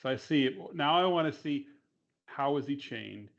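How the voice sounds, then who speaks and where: Player, man, mid-pitched voice, eager and curious, dull lo-fi mic. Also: lively intonation, normal speed, gravelly, fairly bright tone. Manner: eager, asks many questions. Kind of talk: casual tabletop play.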